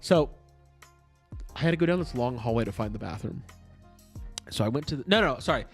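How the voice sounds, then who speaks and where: A man's voice: medium pitch, lively intonation, a little fast, soft background music. A young man in his twenties co-hosting a podcast, telling a long story in a rambling, profane way and laughing along as he goes. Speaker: podcast co-host. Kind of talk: casual storytelling chat.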